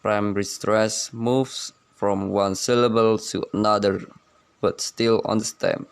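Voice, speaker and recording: A young man student reading a class presentation in a slow, measured way from his notes. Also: fairly low pitch, fairly even intonation, creaky, clean tone.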